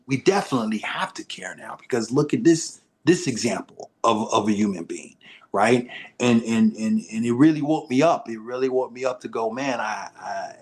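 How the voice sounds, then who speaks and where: A man in a podcast interview, telling stories in a lively way, acting out quoted dialogue and laughing often. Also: mid-range voice. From Haitian-American. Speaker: actor guest. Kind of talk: animated storytelling in a podcast interview.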